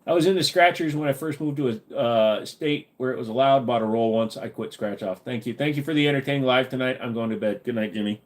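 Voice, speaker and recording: A man's voice: mid-range voice, quick pace, hardly any pauses. A man with a slight Minnesota accent, hosting a casual live Q&A stream, tired and wisecracking, swearing offhandedly. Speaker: livestream host.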